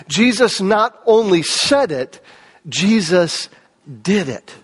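High-voiced man preaching a sermon. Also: very animated, takes it slowly, slightly rough. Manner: conversational preaching, rhetorical questions, swings loud and soft. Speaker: pastor.

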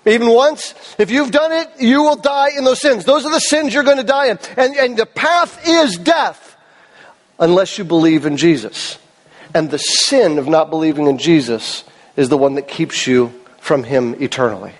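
Pastor, man, high voice with cracks in it, earnest sermon, long hall reverb. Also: normal speed. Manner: earnest, emphatic, asks the congregation questions. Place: church service hall.

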